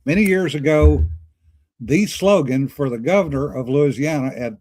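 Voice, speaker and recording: Chatty storytelling man, slightly high voice. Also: moderate pace, darkish tone, no echo. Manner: chatty storyteller, laughs often. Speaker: podcast co-host. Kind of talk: casual livestream chat.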